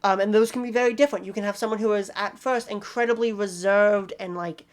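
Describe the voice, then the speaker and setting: A woman's voice: mid-range voice, fairly even intonation, quick pace. A woman casually explaining tabletop game character tips in a rambling, self-deprecating way.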